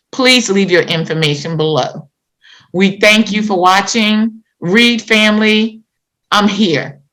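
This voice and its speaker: A woman hosting a podcast, making an earnest, measured appeal and comforting a guest. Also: lowish voice, a bit bright, rough recording. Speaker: podcast host. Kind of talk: slow, earnest appeal and interview.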